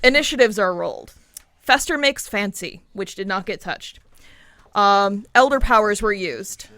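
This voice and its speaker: A woman's voice: medium pitch, animated, measured pace, bright, forceful tone, dry recording. A woman on a tabletop game podcast, chatting casually and laughing, reading a list with many ums and uhs. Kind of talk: casual laughing chat between players.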